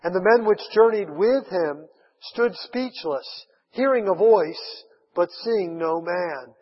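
A man preaching a sermon, retelling a Bible story with lively acted-out voices. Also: high-pitched, takes it slowly, breathy edge. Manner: animated storytelling, acts out voices of Bible figures. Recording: dull sound with long hall reverb.

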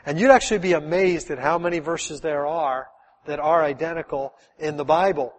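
A middle-aged pastor preaches with a high, lifted voice, tossing rhetorical questions at his congregation in an easy, animated way. His words ring out with the long reverb of a large church hall. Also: moderate pace. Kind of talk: sermon.

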